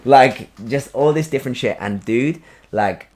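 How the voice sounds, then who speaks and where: A man, hosting a podcast and telling a story in a casual, animated way, acting out quotes and swearing freely. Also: medium pitch, measured pace. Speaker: podcast host. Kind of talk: casual chat.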